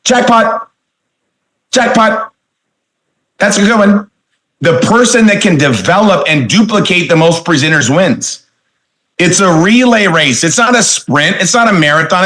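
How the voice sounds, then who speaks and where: A middle-aged man revs up a seminar room, hammering his points home with repeated phrases and quick questions to the crowd. His voice is bright and forceful, pitched a little high for a man, and he pushes each line with real conviction. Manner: energetic, emphatic, repeats phrases and asks the audience questions. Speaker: motivational sales trainer. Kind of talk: motivational seminar talk.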